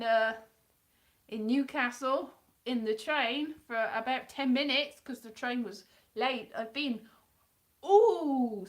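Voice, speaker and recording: A woman's voice: on the high side, a bit bright. A woman from South Wales, chatting casually and self-deprecatingly on a live stream.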